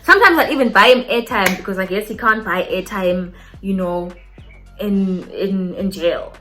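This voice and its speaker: Animated young South African woman storytelling. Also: mid-range voice, moderate pace, soft background music. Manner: animated, code-switching, talks straight to viewers. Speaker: vlogger. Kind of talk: casual storytime monologue.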